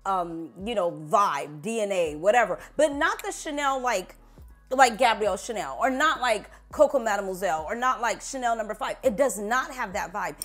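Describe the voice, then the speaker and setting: A woman's voice: mid-range voice, animated, moderate pace, fairly bright tone, soft background music. A woman vlogger chatting casually to camera, sassy and playful, laughing at herself as she talks. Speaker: beauty vlogger.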